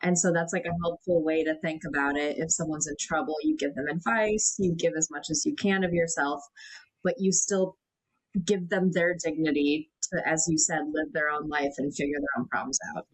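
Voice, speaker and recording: A woman hosting a podcast, talking thoughtfully in a relaxed interview. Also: low voice, normal speed, breathy edge, low-quality recording. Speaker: podcast host. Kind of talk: casual conversational interview.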